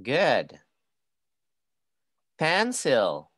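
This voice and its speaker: A woman with a strikingly deep voice leads an online phonics lesson for a child. She speaks very slowly, saying each word clearly and praising every answer. The sound is dry and close, with no room echo. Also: huge pitch swings. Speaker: English phonics teacher.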